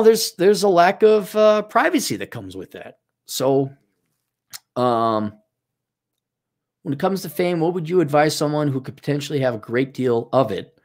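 A man with a slightly raised voice talks through casual advice. He rambles, restarts his sentences and speaks bluntly and informally. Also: on the high side.

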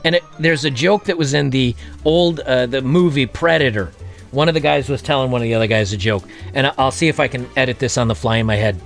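A man's voice: medium pitch, fast talker, gravelly, soft background music. A man hosting his own dating commentary vlog, talking casually with crude jokes and laughing at himself. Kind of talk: casual monologue.

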